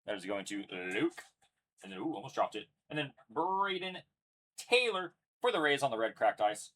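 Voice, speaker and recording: A man's voice: mid-range voice, very animated, normal speed, fairly bright tone, a little hiss or hum. A young man casually announcing each card pulled as he hosts a live card break, chatty and upbeat. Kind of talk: live card-opening commentary.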